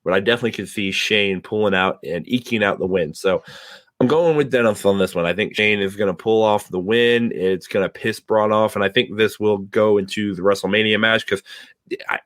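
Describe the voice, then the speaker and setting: A man's voice: lowish voice, brisk, a bit bright, no echo, studio quality. A man hosting a casual podcast, joking and teasing his co-hosts in loose, rambling talk. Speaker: podcast host. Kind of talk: casual chat.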